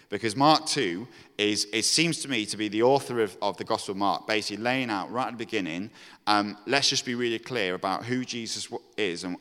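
A man's voice: lowish voice, a bit bright. A man preaching a conversational sermon, with fillers and restarts as he talks through a passage. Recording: long hall reverb.

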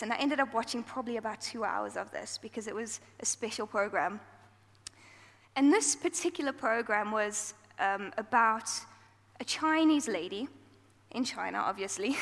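A woman giving an informal talk at church, chatty and self-deprecating, acting out quoted lines as she goes. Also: a little high. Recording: long hall reverb.

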